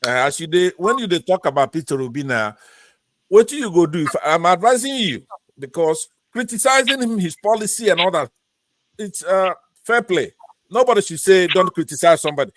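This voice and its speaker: A man's voice: high voice, expressive, normal speed, dry recording. A man with a Nigerian Pidgin accent, speaking as a panelist in a political debate, rambling and mixing Pidgin with English.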